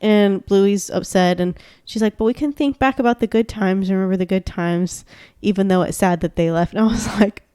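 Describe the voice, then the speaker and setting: A woman's voice: mid-range voice, normal speed, mellow, smooth, no echo, clean studio sound. A woman co-hosting a podcast in casual chat, gushing and rambling with lots of fillers. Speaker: podcast co-host.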